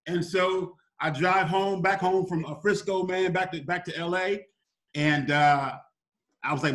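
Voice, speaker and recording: A man in his thirties, a sales trainer and former football player, telling lively stories in a casual podcast chat and acting out the people in them. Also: sits high, unhurried. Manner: animated storyteller, acts out voices, calls host brother.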